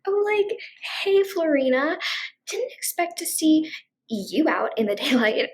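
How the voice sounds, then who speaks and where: A woman's voice: sits high, sing-song, unhurried, full character voice. A woman playing a flaky hippie daughter who talks in a ditzy drawl full of "like", in a school play over a video call. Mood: airy. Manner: ditzy valley-girl drawl, filler "like".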